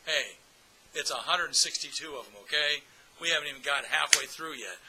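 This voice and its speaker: A man's voice: fairly high pitch, brisk, bright, forceful tone, husky, poor audio. A man hosting a casual fan podcast, chatty and upbeat, speaking straight to his audience. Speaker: podcast host.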